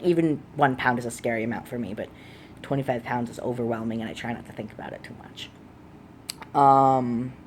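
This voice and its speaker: Young trans man, mid-pitch voice that is still deepening; rambling, candid vlog delivery, lots of ums, apologetic. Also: a little mellow, slight background noise. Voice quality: voice deepening on testosterone, between high and low. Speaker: vlogger. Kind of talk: casual video diary.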